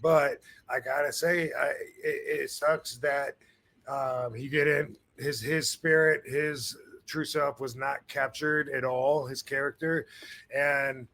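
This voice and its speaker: A man's voice: mid-range voice, steady tone, takes it slowly, sharp tone. A man hosting a podcast in casual chat, laid-back and slangy, often trailing off mid-sentence. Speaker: podcast host.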